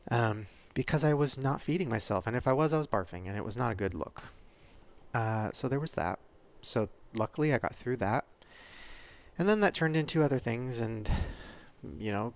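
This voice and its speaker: His voice lowish and creaky, a man in his thirties hosts a podcast and opens up in a confessional monologue. He is frank and vulnerable, crying and laughing through it.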